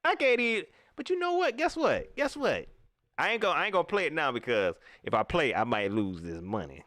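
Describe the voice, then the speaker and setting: A man hosting a casual live-stream sports talk show, animated and repeating phrases, often laughing. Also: fairly high pitch, fairly quick, dry recording, clean studio sound. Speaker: sports fan show host.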